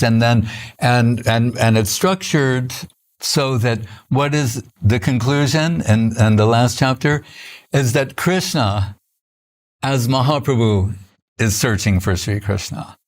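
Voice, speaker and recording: Older man giving a rambling spiritual talk. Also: medium pitch. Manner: conversational storytelling with frequent restarts and soft laughs. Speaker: spiritual teacher. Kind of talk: informal spiritual lecture.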